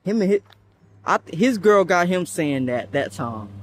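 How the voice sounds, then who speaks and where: Young male vlogger, animated and chatty, high voice, recorded while walking outdoors. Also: unhurried, a little hiss or hum. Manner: animated, chatty, jumpy and nervous. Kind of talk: casual story-time vlog.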